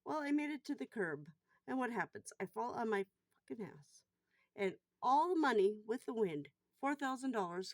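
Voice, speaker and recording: In a casual vlog with no room sound, a middle-aged bartender recounts something that happened to her in a fairly high, sing-song voice at a moderate pace. She doesn't mince words, cursing freely and getting loud and riled up in the retelling.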